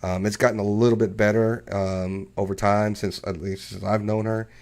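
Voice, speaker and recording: A man's voice: fairly low pitch, little pitch movement, moderate pace, a little mellow. A man co-hosting a casual talk show, telling stories and laughing as he goes. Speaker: podcast co-host. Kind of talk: casual chat.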